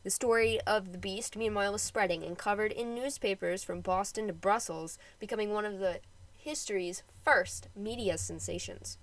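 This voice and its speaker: Speaking at medium pitch and normal speed over poor audio, a woman narrates a scripted history episode of her podcast. She repeatedly breaks from the script for casual jokes and asides.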